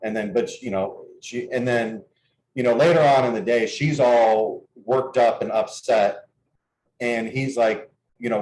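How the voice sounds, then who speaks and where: A man's voice: mid-range voice, a little slow, darkish tone, a little hiss or hum. Man, dating coach, casual conversation, earnest storytelling, echoey room.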